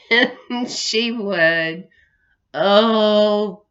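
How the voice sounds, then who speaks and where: A woman's voice: mid-range voice, drawn-out words, fairly bright tone. A young adult woman telling family memories in a casual vlog, rambling with many restarts and laughing often. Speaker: vlogger. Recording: dull lo-fi recording.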